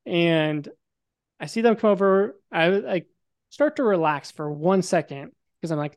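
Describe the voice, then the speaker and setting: A man's voice: sits high, moderate pace. A young man, a podcast guest, telling his story casually and vividly, swearing freely and acting out what people said. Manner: animated, swears freely, acts out quotes.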